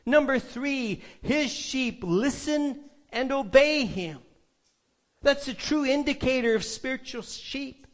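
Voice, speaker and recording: Very high-voiced emphatic male preacher. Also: animated, slow pace. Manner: emphatic, rhetorical questions to the congregation. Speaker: pastor. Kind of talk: sermon.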